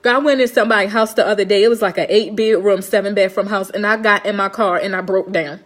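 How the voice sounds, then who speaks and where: A woman's voice: medium pitch, fairly even intonation, fast. Blunt, profane woman. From Baltimore, Maryland. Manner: blunt, profane, emphatic, keeps asking if listeners understand. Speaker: live streamer and home health nurse. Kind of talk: motivational live-stream talk.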